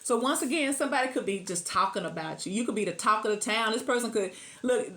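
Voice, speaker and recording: A woman's voice: fairly high pitch, lively intonation, fast, pushed and bright, slight background noise. A middle-aged woman giving a casual tarot reading to camera, chatty, laughing often and sometimes breaking into song. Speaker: tarot reader.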